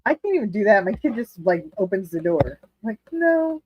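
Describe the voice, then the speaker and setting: A woman's voice: mid-range voice, very animated, quick pace, muffled recording, a little hiss or hum. A woman hosting a casual livestream from her living room, chatting candidly with viewers, laughing often and swearing freely. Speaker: livestream host reading chat. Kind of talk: casual chat.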